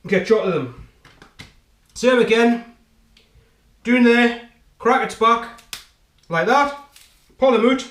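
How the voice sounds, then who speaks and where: A man's voice: very high-pitched, slow, pauses often, fairly bright tone. A man hosting a home cooking show, chatting and joking with the viewer as he demonstrates chopping in his kitchen. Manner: chatty, jokey, talks straight to the viewer with frequent "right?". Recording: echoey kitchen with faint noise.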